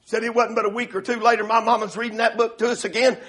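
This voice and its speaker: A male preacher telling a story in a sermon, swelling into shouts and laughter. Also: very high voice, level tone, quick pace, a crowd in the background.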